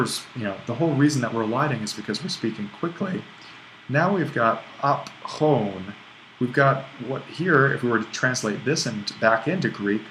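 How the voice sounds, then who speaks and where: A man with a fairly low voice delivers a recorded online lesson. He explains step by step, pausing and restarting as he thinks aloud. A faint hiss of background noise sits under his voice. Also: a bit bright, low-quality recording. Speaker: Greek language instructor.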